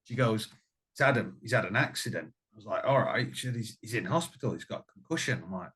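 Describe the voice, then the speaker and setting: Middle-aged man, guest musician, casual chat, animated sweary storyteller. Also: fairly low pitch, fast.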